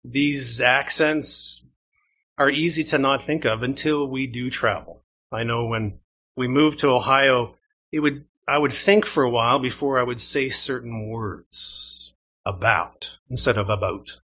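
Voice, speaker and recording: Canadian pastor with a bright voice. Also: male voice, medium pitch, measured pace. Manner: conversational preaching, asks the congregation questions. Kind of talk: sermon. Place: church.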